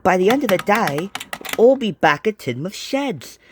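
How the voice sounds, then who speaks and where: A man's voice: high voice, big pitch swings, moderate pace, a little hiss or hum, pitched above the performer's own voice. A man voicing a cheerful, reassuring small male train engine in a homemade storybook reading. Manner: upbeat, reassuring.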